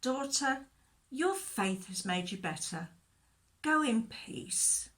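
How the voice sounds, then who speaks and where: A woman voicing a calm, kind male healer with gentle authority, in a plain storytelling voice. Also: medium pitch, slow.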